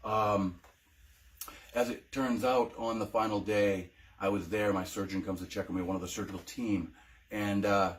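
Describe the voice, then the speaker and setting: In this personal testimony vlog, an American veteran speaks at a normal pace in a fairly low, fairly even voice. Emotion makes him hesitant, and he keeps saying um and restarting sentences.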